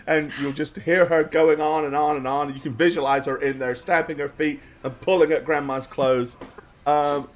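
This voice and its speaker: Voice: medium pitch, normal speed. A game master narrating a tabletop game, giggly and full of fillers. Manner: giggly, lively, many fillers.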